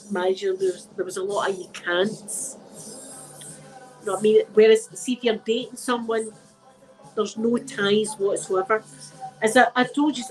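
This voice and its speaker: A woman's voice: mid-range voice, a bit bright, rough recording. A middle-aged Scottish woman with a cold, chatting casually and emphatically with her viewers as a channel host. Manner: chatty and emphatic, repeats phrases, uses local words like wee and dead. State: has a cold. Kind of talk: casual chat with live viewers.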